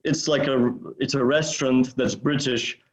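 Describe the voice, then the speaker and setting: A man's voice: medium pitch, fairly even intonation, normal speed, low-quality recording. A man co-hosting a podcast in casual, profane chat, full of filler words. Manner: rambling, profane, many "like"s. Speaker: podcast co-host.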